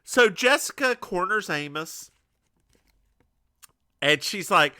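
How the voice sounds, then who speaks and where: A male podcast co-host in casual recap chat who rambles and restarts his sentences as he jokes around. His voice is bright and animated. He speaks at an unhurried pace. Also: sits high, no room sound, clean studio sound. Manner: rambling, many restarts, joking.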